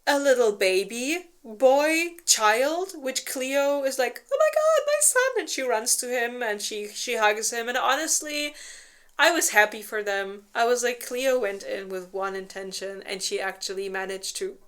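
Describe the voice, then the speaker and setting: A woman's voice: on the high side, measured pace, fairly bright tone, smooth. A woman co-hosting a book club, casually retelling a plot with lots of fillers, swearing and little acted-out quotes. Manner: rambling with many fillers and restarts, swears freely; acts out characters in exaggerated quoted voices. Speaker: book club co-host presenting a slideshow summary.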